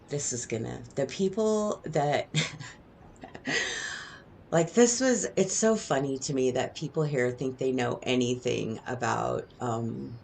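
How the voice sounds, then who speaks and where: A woman's voice: rumbling low, vocal fry, darkish tone, a little hiss or hum. A middle-aged woman telling stories from her past in a casual, rambling way, often tagging her sentences with "right?". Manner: rambling, digressive, lots of "right?" tags. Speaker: vlogger. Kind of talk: casual storytelling monologue.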